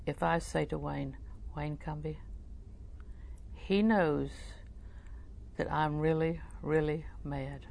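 An older woman teaching a sermon through personal stories, talking conversationally and often dropping to a soft, near-whispered voice. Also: sits low, slow, gravelly, slight background noise. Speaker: Christian teacher.

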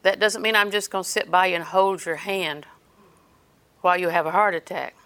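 An older woman preaching with a gravelly edge and a bright, forceful tone. She talks earnestly, tells stories and quotes scripture along the way. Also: fairly low pitch, fairly even intonation, moderate pace. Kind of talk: sermon.

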